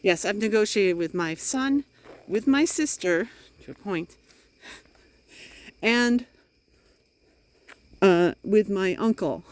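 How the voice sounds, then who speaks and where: A woman's voice: medium pitch, expressive, takes it slowly, long pauses. A middle-aged woman vlogging outdoors while walking in the rain, talking into a phone in a frustrated, emphatic way. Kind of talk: walking vlog monologue.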